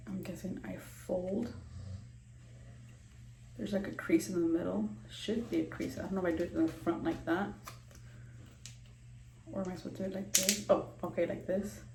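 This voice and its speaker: A woman's voice: lowish voice, steady tone, unhurried, creaky, long pauses, warm tone, echoey room, a little hiss or hum, low-quality recording. A young woman doing a casual skincare vlog, rambling with lots of ums and likes, a bit out of breath, recorded in her small bathroom. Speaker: beauty vlogger.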